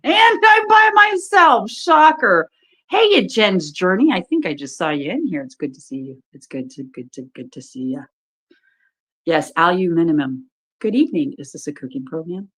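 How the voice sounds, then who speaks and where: A woman's voice: low-pitched, very animated, a little fast, breathy edge. A woman co-hosting a livestream, folksy and chatty, greeting viewers by name. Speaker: livestream co-host. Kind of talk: casual livestream chat.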